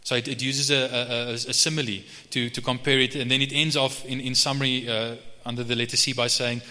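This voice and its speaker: A male pastor preaching a sermon in a conversational way, with frequent restarts, and reading scripture slowly. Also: medium pitch, level tone, sharp tone. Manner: slow measured reading of scripture. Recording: reverberant hall.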